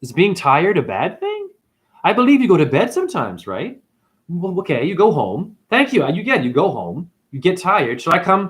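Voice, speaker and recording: Lively man rambling on spiritual topics. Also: normal speed. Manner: animated, swings into high mocking voices for quoted people; casual slangy, with cursing. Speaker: spiritual livestream host.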